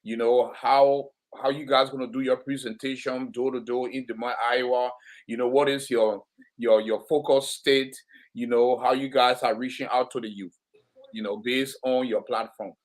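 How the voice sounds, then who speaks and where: A man's voice: mid-range voice, fairly even intonation. Man, talk show host, frequent fillers, stop-start questions. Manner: halting, many fillers and restarts.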